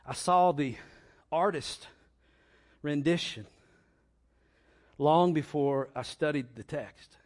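Slow, impassioned male preacher. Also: medium pitch. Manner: builds from quiet and slow to loud, impassioned preaching; dramatic pauses and repetition. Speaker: pastor. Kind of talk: sermon.

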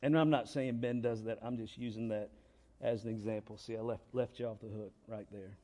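A man's voice: on the low side, steady tone, a little fast, dark tone. A man preaching a sermon, repeating key lines and asking rhetorical questions. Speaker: pastor. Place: church.

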